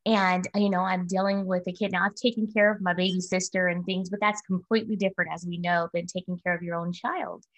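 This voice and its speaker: A woman's voice: on the low side, steady tone, fairly quick, few pauses, fairly bright tone, low-quality recording. A woman in her forties telling a personal story in a candid, reflective way, as co-host of a casual talk. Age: 40s.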